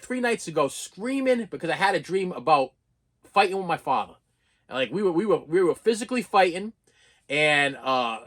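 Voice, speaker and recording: Fairly high in pitch and a bit bright, the voice belongs to a vlogger in his fifties. He rants to camera in a raw, emotional, personal way, with frequent stammering restarts and repeated phrases.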